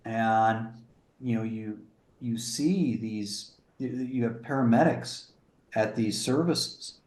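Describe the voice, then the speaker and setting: A man in his sixties, speaking as an interview guest over a video call in an earnest, sober, halting way. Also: medium pitch, a little mellow, reverberant. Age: 60s. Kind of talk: interview conversation. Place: remote room in a small town.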